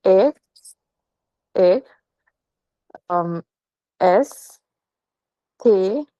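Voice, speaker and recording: A woman from Canada, a student in a live online lesson, reciting hesitantly with many pauses and fillers. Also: medium pitch, expressive, dry recording. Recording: dull, dry lo-fi audio.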